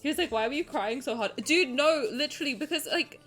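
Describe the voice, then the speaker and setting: A young woman chatting casually on a live stream, bubbly and warm with her viewers, greeting them one by one. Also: sits high, quick pace, faint music behind.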